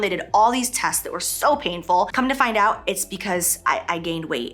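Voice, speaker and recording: A woman in her thirties, a beauty vlogger, talking candidly and expressively in a personal vlog, swinging from soft to loud. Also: medium pitch.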